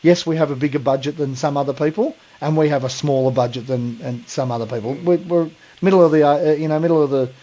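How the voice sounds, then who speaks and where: A man's voice: on the high side, fairly even intonation, fast talker, dark tone, lo-fi sound. A man in his forties with an Australian accent, co-hosting a podcast in blunt, sweary casual chat, calling people mate and brother. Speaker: podcast co-host.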